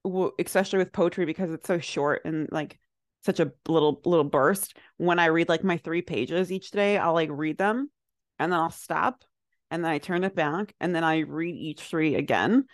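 Lower-voiced woman chatting, dry sound. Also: normal speed, no room sound. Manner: rambling, reflective, lots of "like" fillers. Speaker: podcast co-host. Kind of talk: casual chat.

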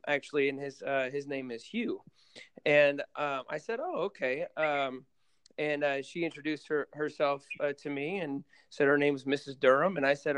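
Smooth-voiced man telling a coaching story. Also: fairly high pitch, a bit bright, no echo. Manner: rambling, many fillers and restarts. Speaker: guest basketball coach. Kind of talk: casual storytelling in a podcast interview.

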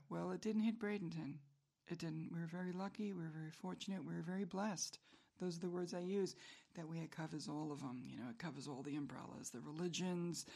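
A woman's voice: on the low side, dark tone. A middle-aged woman hosting a solo podcast, rambling through a casual monologue with self-mocking humor and frequent chuckles. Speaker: podcast host.

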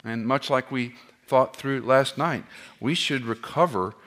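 Man preaching, bright forceful voice, average pitch, rhetorical questions, jokey asides. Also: unhurried. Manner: animated, asks the audience rhetorical questions; joking asides. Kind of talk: expository sermon.

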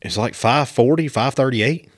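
A man's voice: medium pitch, normal speed. A man, a podcast guest chatting casually in easygoing, teasing banter. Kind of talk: casual chat.

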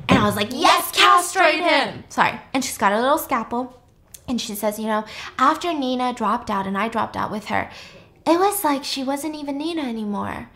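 A woman hosting a podcast, casually retelling a movie plot, acting out the characters and swearing freely. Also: a little high. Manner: animated, acts out characters with quoted voices, swears freely. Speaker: podcast host.

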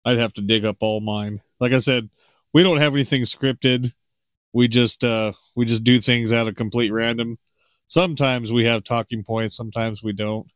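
In clean, echo-free studio sound, a middle-aged man with a mid-range voice co-hosts a podcast at a normal speed. The chat is unscripted and casual; he rambles, chuckles, and breaks into animated impressions.

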